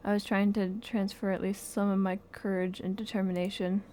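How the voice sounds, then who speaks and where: A woman reading a game's story text aloud in an expressive, soft-spoken way. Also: mid-range voice, brisk, slight background noise. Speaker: game playthrough narrator.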